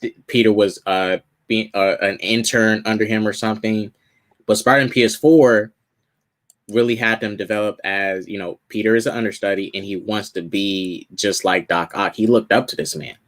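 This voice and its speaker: A man's voice: on the low side, steady tone, moderate pace. A man in casual gaming chat, talking loosely with repeats and informal grammar. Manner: loose, repetitive, says "they was".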